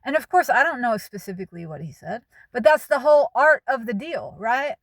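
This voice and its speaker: A woman's voice: on the high side, animated, a little fast, no echo. Candid, emphatic woman, dry close sound. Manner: candid, emphatic, plain-spoken. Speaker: channel host. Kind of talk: casual spoken monologue.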